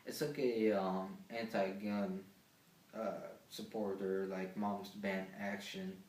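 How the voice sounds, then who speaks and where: A man's voice: on the low side, level tone, slow, darkish tone, recorded from a distance. A teenage boy telling a rambling, swear-filled story from school as a casual vlog, with many fillers. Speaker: vlogger. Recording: echoey room, off-mic.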